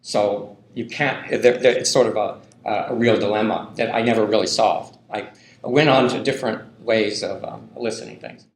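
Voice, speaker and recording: A man's voice: fairly low pitch, normal speed, vocal fry, hardly any pauses. A man giving a university linguistics lecture in a loose, conversational way, full of ums and tag questions. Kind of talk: classroom lecture. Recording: echoey lecture hall.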